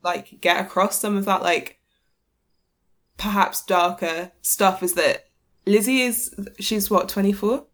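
A woman's voice: medium pitch, steady tone, a little slow, fairly bright tone. A woman in her late twenties co-hosts a podcast in a loose, casual chat. She rambles eagerly, often restarting her sentences as her ideas tumble out. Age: late 20s. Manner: enthusiastic, rambling, many restarts. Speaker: podcast co-host.

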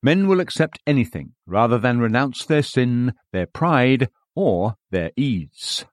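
A man's voice: medium pitch, big pitch swings, unhurried, no room sound, clean studio sound. Man reading an earnest sermon. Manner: earnest, exhorting. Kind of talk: read-aloud sermon.

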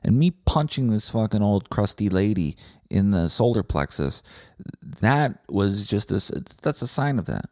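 A man with a lowish, dark voice rants through a profane, combative comic monologue. He is close on a podcast mic in a dry, dead-sounding space. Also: lively intonation, measured pace, dry recording. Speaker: podcast host. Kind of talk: comedic rant monologue.

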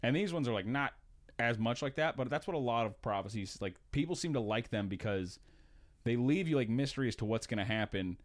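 A man's voice: mid-range voice, expressive, fairly quick. A young man, a stand-up comedian, chatting casually on a podcast in a rambling way, full of "like" and swearing. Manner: rambling, heavy use of "like", profane. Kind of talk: casual chat.

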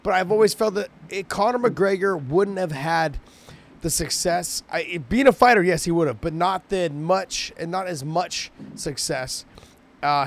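Rambling man with a higher voice. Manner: rambling, restarts phrases, swears casually. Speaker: co-host, fighter. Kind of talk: casual chat.

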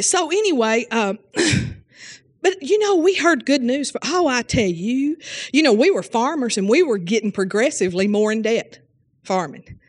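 A woman with a slightly high voice preaches a fervent sermon. Her phrasing is homespun and folksy, with frequent cries of hallelujah and amen, and she asks her listeners questions directly, sometimes calling on them by name. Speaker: Bible teacher.

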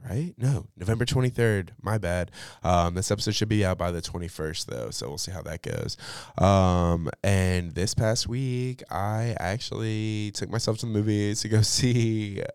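A man's voice: lowish voice, normal speed, a little mellow, clear, resonant tone, dry recording, studio quality. A young man hosting a pop culture podcast, chatting casually with lots of fillers and cursing freely. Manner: chatty, slangy, swears freely, many fillers. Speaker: podcast host.

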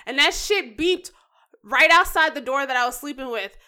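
A young woman chatting casually, with a high, bright voice. She tells quick anecdotes and quotes her own exasperated reactions with plenty of expression. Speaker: podcast co-host. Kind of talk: casual chat.

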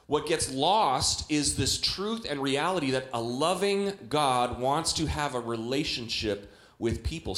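A young adult man preaching a sermon in a church, talking conversationally with many rhetorical questions and animated quoted voices. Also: medium pitch, reverberant. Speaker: pastor. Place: church hall.

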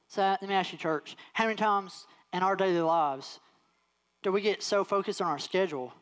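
A preacher delivering a sermon, repeating key lines and slowing down on emphatic words. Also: mid-range voice. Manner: repeats key phrases for emphasis and acts out quoted voices.

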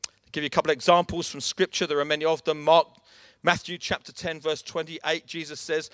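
A man's voice: a little high, flat delivery, a little fast, fairly bright tone, dry recording, studio quality. A man preaching a sermon, emphatic and direct, calling his listeners folks.

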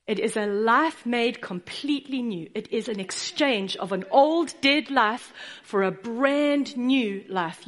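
A woman preaching from the pulpit, earnest and heartfelt. Her voice sits a little high. She swings from firm declarations to a soft, pleading hush. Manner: earnest, building to emphatic declarations then dropping to soft pleading. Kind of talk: sermon.

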